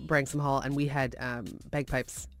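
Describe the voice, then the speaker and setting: A woman's voice: very deep voice, flat delivery, soft background music. A woman from Canada hosting a morning TV show, bantering in a playful, teasing way. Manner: playful, teasing, quick jokes. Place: TV studio.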